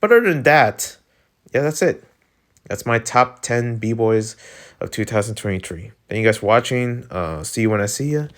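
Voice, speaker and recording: A man with a Filipino accent gives casual, rambling, excitable commentary as a vlogger ranking breakdancers. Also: mid-range voice, moderate pace. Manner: rambling and excitable, heavy on fillers.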